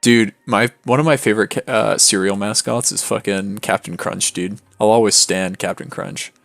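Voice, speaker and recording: Brief: young man, gaming streamer, slangy and swears, lowish voice, dry close sound. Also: fairly even intonation, normal speed, creaky, fairly bright tone, no echo, faint music behind. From Canada. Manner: laid-back and slangy, swears freely. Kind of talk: casual late-night stream chat.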